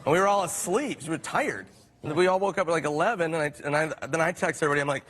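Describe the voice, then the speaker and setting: A man telling a tour anecdote with a bright, sharp tone, laughing as he goes. He is a little higher than average and tosses off the quoted lines quickly. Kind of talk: casual anecdote.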